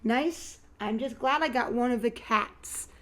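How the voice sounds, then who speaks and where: A woman chatting casually as she unboxes collectible toys and paints her nails, thinking aloud with bursts of excitement. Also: a little high, unhurried. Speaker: nail art vlogger. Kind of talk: casual unboxing and nail tutorial chat.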